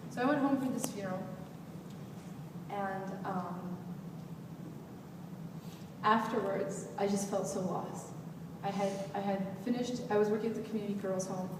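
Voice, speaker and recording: A young woman talks through a personal story at a youth event in a candid, rambling way, restarting her sentences often. She sounds distant from the mic, and her voice rings out through a large, reverberant hall. A faint hiss sits underneath. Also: mid-range voice. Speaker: motivational speaker.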